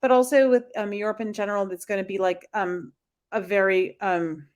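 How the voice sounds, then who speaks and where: An American woman co-hosting a podcast, chatting excitedly and filling her talk with "like" and "um". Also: medium pitch, normal speed. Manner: excitable, lots of "like" and "um". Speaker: podcast co-host. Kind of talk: casual chat.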